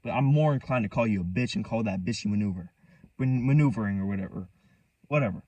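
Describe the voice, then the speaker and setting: A man's voice: fairly low pitch, fast talker, mellow, slightly rough, no echo, recorded from a distance. A young man rambling through a story from his own life, restarting and repeating himself, set back from the mic. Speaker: vlogger. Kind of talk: casual storytelling.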